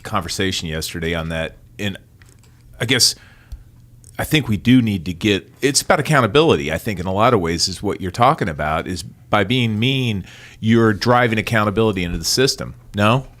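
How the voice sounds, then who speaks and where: A man appearing as a guest on a political talk show, speaking in a measured, tentative way. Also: fairly low pitch, lively intonation, fairly bright tone. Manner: measured, tentative, hedges with I think. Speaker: podcast guest.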